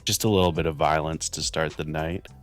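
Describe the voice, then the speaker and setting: A man's voice: extremely low pitch, steady tone, a little fast, faint music behind. A man co-hosting a livestream, chatting casually in a wry, hesitant way with stammered restarts. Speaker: co-host on the stream.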